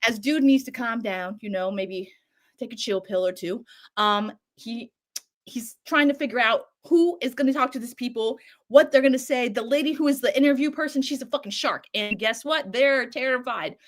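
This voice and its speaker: A woman co-hosting, recapping a show in a casual, animated way, swearing and acting out lines. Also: on the high side, moderate pace. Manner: animated, swears a lot, acts out quotes. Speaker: show co-host recapping a series.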